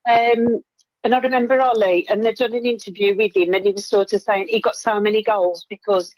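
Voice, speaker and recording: A woman's voice: medium pitch, steady tone, brisk, a little mellow, no room sound, rough recording. An older woman phoning in to a football show, talking earnestly in an English accent. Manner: earnest, agreeable, tag questions. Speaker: caller. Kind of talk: casual phone-in chat.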